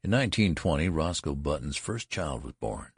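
A man narrating an audiobook with slow, deliberate storytelling. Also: a bass voice, big pitch swings, slightly rough, no room sound, clean studio sound.

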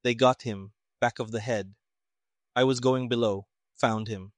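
A man voicing a short, thick-set, gray-mustached army major who speaks low and quietly. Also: steady tone, unhurried, no echo, lightly acted.

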